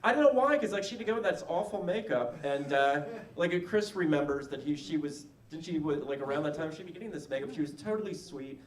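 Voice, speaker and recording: A man answering audience questions at a film screening Q&A, halting and rambling with many restarts. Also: on the high side, expressive, recorded from a distance. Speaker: film writer-director guest. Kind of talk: casual panel Q&A. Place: live screening venue with audience. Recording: echoey venue audio from afar.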